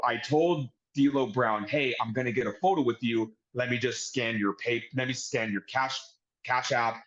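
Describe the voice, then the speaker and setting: A man co-hosting a podcast, telling a story in casual chat with animated, profane delivery. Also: mid-range voice, muffled recording. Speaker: podcast co-host.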